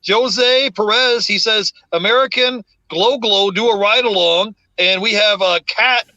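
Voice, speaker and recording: Bright-voiced man hosting a live stream. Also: high-pitched, unhurried, no room sound, highs cut off. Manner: reads chat messages aloud, laid-back.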